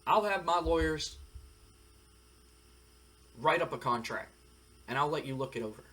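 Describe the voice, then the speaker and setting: A man's voice: fairly high pitch, expressive, unhurried, pushed and bright. A man voicing a scheming, middle-aged male wrestling boss who bargains and placates. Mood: bargaining.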